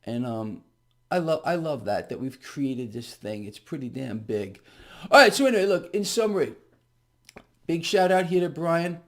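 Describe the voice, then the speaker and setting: Sarcastic, animated man ranting about markets. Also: a little high, normal speed. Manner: sarcastic, animated, mocking with mock outbursts. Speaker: market commentary vlogger. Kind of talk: casual direct-to-camera market rant.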